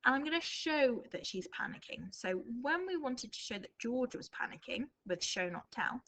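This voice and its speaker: A woman, a primary school teacher recording a writing lesson for her class at home. She thinks aloud as she drafts and reads example sentences slowly and expressively. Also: sits high, sing-song, bright, forceful tone, a little hiss or hum, low-quality recording.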